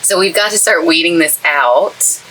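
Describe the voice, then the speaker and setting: This chatty craft YouTuber from East Texas has a bright voice, though fairly low in pitch, at normal speed. She gushes while working with her hands during a casual tutorial in the craft space of her toy hauler trailer, on a low-quality recording with slight background noise.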